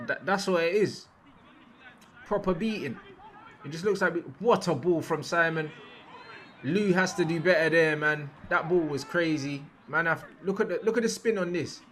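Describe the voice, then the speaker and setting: Excitable young man. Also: a little high, slight background noise. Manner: excitable, breaks into loud outbursts at big moments; slangy, repeats words and phrases. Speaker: youtuber reacting to football footage. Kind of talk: casual reaction commentary.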